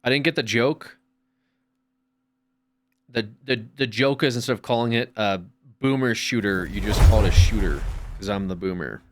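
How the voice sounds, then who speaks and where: A man's voice: fairly low pitch, moderate pace. A man streaming a game, chatting casually and reading viewer messages aloud. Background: loud background music.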